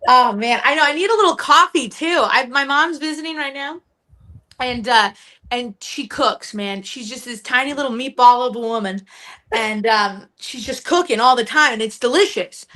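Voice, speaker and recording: A guest actress and co-writer in her twenties chats casually on a live podcast, telling profane, bubbly stories and often imitating other people's voices. Her voice is high, bright and pushed, at a normal speed.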